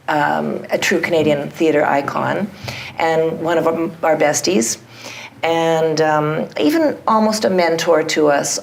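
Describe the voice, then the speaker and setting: A middle-aged woman, a theatre director, answering interview questions in an animated, self-deprecating way, with frequent restarts. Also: sits low, vocal fry, slight background noise.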